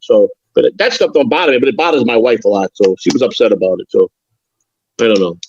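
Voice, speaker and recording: A man's voice: medium pitch, quick pace, a little mellow, dull audio, a little hiss or hum. An older man talking on a live stream as a guest, rambling and frank, with frequent stammered restarts. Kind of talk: casual chat.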